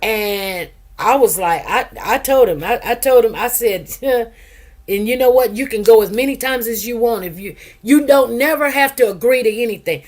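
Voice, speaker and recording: A woman, hosting casual commentary and telling stories with animated, acted-out quotes. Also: fairly high pitch, moderate pace. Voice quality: lively, animated storytelling, acts out quotes. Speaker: commentary host.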